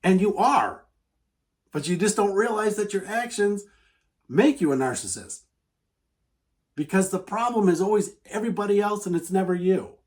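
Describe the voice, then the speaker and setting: Guy venting into the camera, kinda high voice, earnest and repeats himself a lot. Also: lively intonation, moderate pace, pauses often, a little mellow. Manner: earnest, repetitive, acts out quoted voices. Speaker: advice vlogger.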